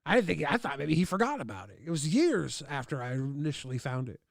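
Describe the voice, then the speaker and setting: A man's voice: a little high, sing-song, fast, creaky, no echo, clean studio sound. A man hosting a livestream, rambling through crude anecdotes with loose fillers and acting out other people's lines in raised voices. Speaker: livestream host. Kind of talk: casual storytelling.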